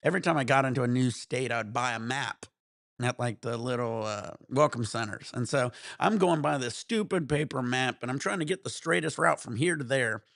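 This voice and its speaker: Stream host, male, gravelly voice, dry close sound, swearing through a road-rage story. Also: medium pitch, normal speed, no room sound. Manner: profane, animated ranting. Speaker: livestream host. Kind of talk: casual storytelling to stream chat.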